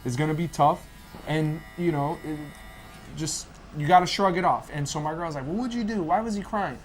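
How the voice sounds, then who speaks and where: Animated man telling a story in a barbershop. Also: a little high, brisk, a little hiss or hum. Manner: animated, acts out family dialogue. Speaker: barbershop podcast guest. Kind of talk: casual storytelling.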